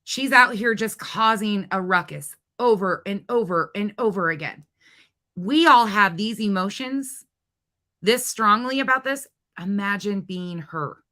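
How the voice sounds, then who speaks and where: A woman's voice: mid-range voice, a little slow, bright, forceful tone. A woman hosting a reaction commentary, ranting bluntly and indignantly with profanity and sarcastic mockery. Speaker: commentary channel host.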